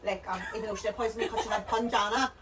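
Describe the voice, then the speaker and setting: Fast-talking woman. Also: mid-range voice, fairly even intonation, far from the mic, noisy background. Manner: rambling, chatty storytelling. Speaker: podcast guest. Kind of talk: casual chat.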